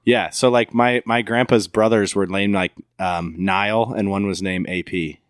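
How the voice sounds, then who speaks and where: A man's voice: fairly low pitch, fairly even intonation, measured pace, no echo, studio quality. A man co-hosting a podcast in casual, playful chat. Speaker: podcast co-host.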